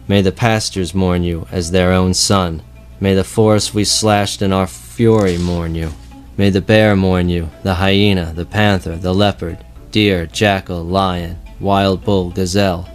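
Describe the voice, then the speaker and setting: A man's voice: deep voice, steady tone, a little slow, soft background music. A man voicing a grieving warrior king who laments his dead friend in a mournful, rhythmic way.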